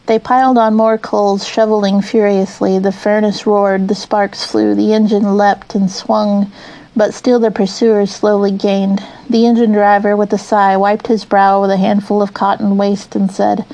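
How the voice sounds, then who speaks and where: A woman narrating a classic children's storybook in an even, expressive reading. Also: medium pitch, unhurried, low-quality recording. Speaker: audiobook narrator.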